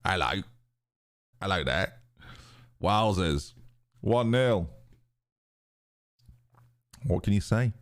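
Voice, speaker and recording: A British man streams a football management game live, chatting sarcastically and reading his viewers' messages aloud. His low voice has lively intonation and a fairly bright tone. He talks slowly with long pauses.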